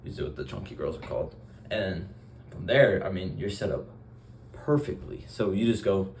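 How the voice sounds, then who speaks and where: A young man in a casual vlog monologue, talking in a rambling, offhand, deadpan way and acting out short bits of dialogue. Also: low voice, fairly quick, slight background noise. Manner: acts out short dialogue exchanges. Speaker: vlogger.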